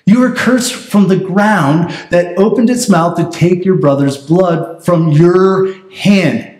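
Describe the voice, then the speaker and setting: A man's voice: high voice, slow, hardly any pauses, a little mellow. A man preaching a conversational sermon as pastor, often checking in with the congregation. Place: church sanctuary. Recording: roomy church sanctuary.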